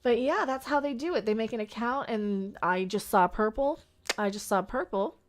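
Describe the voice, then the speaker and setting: Female streamer, voice worn hoarse, loose rambling live-stream chat, thinks out loud and repeats herself. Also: fairly high pitch, moderate pace. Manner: musing aloud, repeating herself, trailing off. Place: Las Vegas, indoors.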